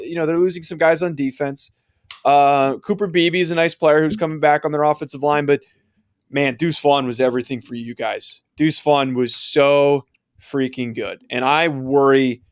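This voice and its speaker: A man's voice: a little high, dry recording. Blunt opinionated man, dry close mic. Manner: blunt, opinionated, talks in quick bursts. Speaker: podcast co-host. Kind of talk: casual sports chat.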